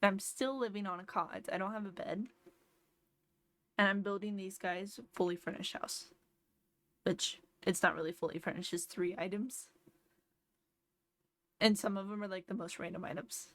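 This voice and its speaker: A woman's voice: mid-range voice, steady tone, normal speed, pauses often, a bit bright, dry recording, clean studio sound. A tired woman streamer chatting casually while playing a game, thinking aloud and explaining tips. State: sleepy. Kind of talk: casual gameplay commentary.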